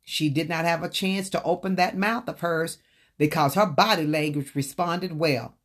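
Woman, low voice, husky tone, earnest book narration, speaks straight to listeners. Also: normal speed. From Southern United States. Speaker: author reading her own book. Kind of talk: personal storytelling narration.

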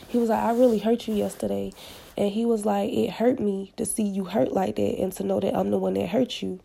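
A woman's voice: mid-range voice, fairly even intonation, moderate pace, gravelly, warm tone. A woman casually retelling a personal story with blunt, slangy, profane candor. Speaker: podcast storyteller.

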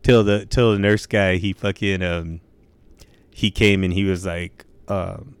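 A man's voice: low voice, little pitch movement, measured pace, smooth, no echo. A young man telling a story in casual chat, laid-back and loose, swearing a lot and saying dude and bro.

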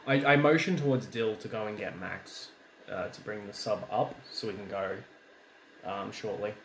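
A man playing a tabletop game with dry, quiet, laconic asides. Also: lowish voice, normal speed. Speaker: player. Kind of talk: tabletop role-play. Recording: echoey room with faint noise.

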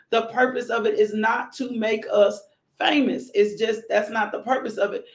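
Woman, devotional preacher, gravelly voice, echoey room, conversational sermon with emphatic repeats. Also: fairly high pitch. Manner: repeats phrases for emphasis, rising to exclamations.

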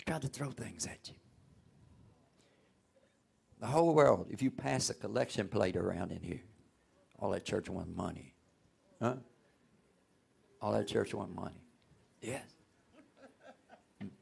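A man preaching a sermon, often rising into loud outbursts. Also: on the low side, a little slow, creaky, long pauses, slightly rough. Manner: folksy, call-and-response preaching with sudden loud outbursts.

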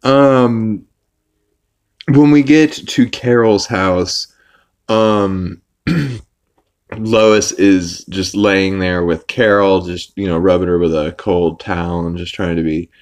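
Deep-voiced man rambling through a recap. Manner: rambling, with fillers and quick put-on voices for quotes. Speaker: podcast host. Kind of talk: casual episode recap.

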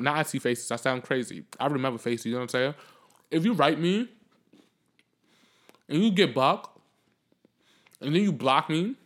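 A man hosting his own podcast alone, talking off the cuff in a blunt, profane, sassy way, swinging between loud outbursts and low muttering. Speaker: podcast host. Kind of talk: solo podcast monologue, unscripted.

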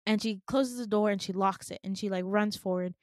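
A woman podcast co-host casually retelling a dream, animated, laughing often and full of fillers. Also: mid-range voice, a little fast, no echo, studio quality.

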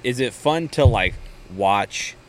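A man's voice: medium pitch, animated, takes it slowly, noisy background. A young man, podcast co-host, chatting casually outdoors and throwing in joking, prodding questions. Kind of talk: casual chat. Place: outdoors in a backyard.

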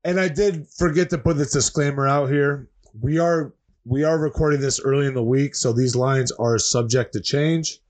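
A man's voice: mid-range voice, normal speed. A man hosting a casual sports podcast, ranting heatedly and swearing freely. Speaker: podcast host.

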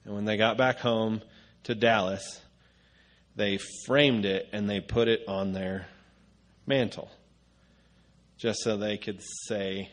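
A man's voice: lowish voice, fairly even intonation, slow pace, long pauses. A man preaching a conversational sermon, casual and rambling with frequent filler sounds.

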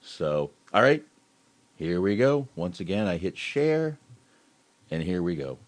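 A man's voice: low voice, big pitch swings, slow pace. A man hosting a reaction video, giving casual, amused comments on a comedy clip.

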